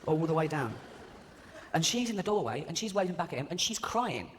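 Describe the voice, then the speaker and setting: A man's voice: a little high, sing-song, fairly quick, a little hiss or hum. A man doing a live stand-up routine, mocking and sardonic, laughing at his own jokes. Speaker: stand-up comedian. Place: large live venue. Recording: echoey hall with loud audience.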